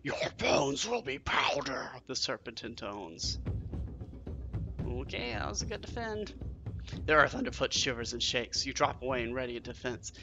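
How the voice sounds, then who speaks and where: A man doing let's-play commentary, reading game text aloud and reacting with excited, cursing self-talk. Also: mid-range voice, moderate pace, long pauses, lo-fi sound, over music. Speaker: game streamer.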